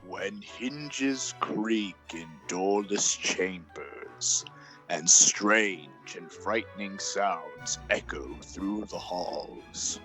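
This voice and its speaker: A man doing a slow, ominous impression of a spooky male haunted-house narrator. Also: low voice, fairly bright tone, faint music behind, heavily acted, poor audio. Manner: slow, drawn-out ominous delivery.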